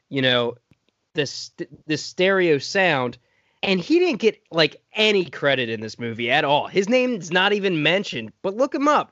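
A man hosting a podcast in casual chat, animated and swearing as he gets worked up. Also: a little high, no echo. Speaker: podcast host. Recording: dry, dull lo-fi sound.

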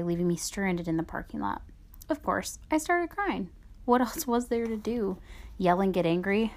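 A woman reads a personal memoir aloud at a middling pitch. Her delivery is quiet and subdued. At times it sinks nearly to a whisper. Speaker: author reading her own memoir.

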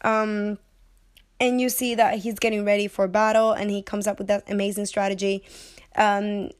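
A woman's voice: mid-range voice, little pitch movement, moderate pace. Young woman, casual film-review vlogger, under the weather and a little breathless; chatty and digressive, playful, swears casually. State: sick, short of breath, coughing. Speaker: movie reviewer.

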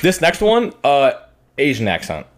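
Speaking a little slowly in a mid-range voice, this podcast host swings his pitch wildly. He keeps the talk crude and loose, laughing a lot, cursing, and letting sentences fade out unfinished.

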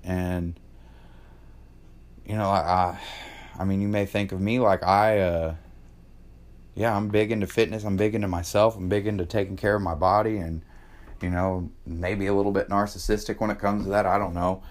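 A man's voice: low voice, steady tone, moderate pace, pauses often. A man in his thirties talking in a casual monologue about parenting, passionate, cursing freely and filling with "man". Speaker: podcast host.

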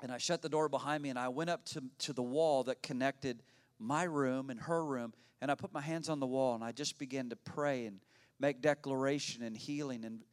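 A man's voice: mid-range voice, fairly even intonation, fairly quick, clean tone. A man, a pastor telling a personal story in a sermon, talking conversationally, often repeating his words and laughing.

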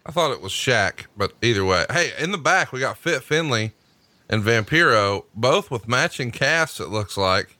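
A man's voice: mid-range voice, expressive, normal speed, sharp tone, dry recording. A man co-hosting a podcast, reading an ad and chatting casually before a watch-along. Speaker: podcast co-host. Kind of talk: casual podcast chat and ad read.

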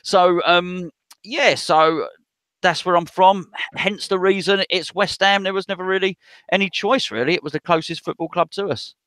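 Casting: London man, fairly high, bright forceful tone, jokey and stumbling, dry sound. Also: fairly even intonation, normal speed, no echo. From East London, England. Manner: stumbling, jokey, repeats words. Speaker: guest. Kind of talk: casual podcast chat.

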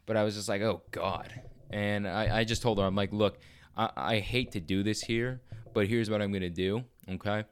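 A man's voice: on the low side, moderate pace, clear, resonant tone. Rambling, profane young man telling a story. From Arizona. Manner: profane, rambling, animated quoting of others. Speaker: podcast storyteller. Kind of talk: casual storytelling.

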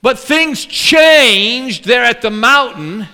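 Animated high-voiced male preacher in a hall. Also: normal speed. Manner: animated, acts out complaining voices. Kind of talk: sermon. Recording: long hall reverb.

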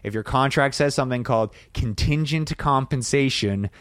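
A man chatting casually on a comedy podcast, rambling and self-deprecating with quick asides. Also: mid-range voice, dry recording, studio quality. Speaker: podcast guest, comedy writer.

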